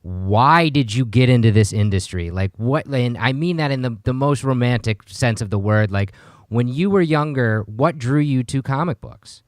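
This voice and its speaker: A man's voice: mid-range voice, moderate pace, dry recording, clean studio sound. A man hosting an interview podcast, asking questions casually and reacting with enthusiasm. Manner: enthusiastic, laughs along. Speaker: podcast host.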